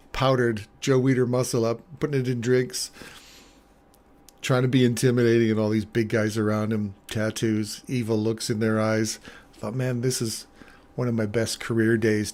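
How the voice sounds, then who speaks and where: A man's voice: mid-range voice, flat delivery, normal speed, darkish tone. A man hosting a livestream, casually telling rambling anecdotes with chuckles and plenty of fillers. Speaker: trading livestream host.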